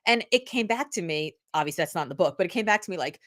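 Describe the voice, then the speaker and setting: A woman's voice: on the low side, very fast, few pauses, slight background noise. A middle-aged woman, an author guest in a casual interview, telling stories and acting out the lines of other people. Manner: animated storytelling, acts out quotes.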